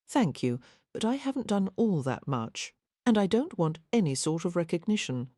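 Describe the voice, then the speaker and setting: A woman's voice: lowish voice, big pitch swings, normal speed, warm tone, no room sound, clean studio sound. A woman voicing an eccentric young noblewoman, earnest and blunt, often exasperated, in an audiobook.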